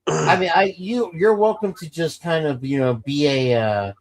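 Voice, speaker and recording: A man's voice: on the high side, moderate pace, slight background noise, poor audio. A man hosting a casual show, rambling and joking with a co-host about movies. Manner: rambling, jokey, quotes movie lines in shouted voices. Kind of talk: casual banter.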